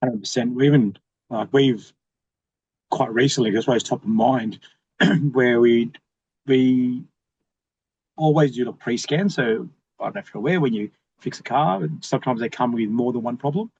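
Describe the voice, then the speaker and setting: A man's voice: medium pitch, normal speed, a little mellow, husky, muffled recording. A man hosting a podcast, chatting informally and often saying "like". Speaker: podcast host. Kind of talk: casual podcast conversation.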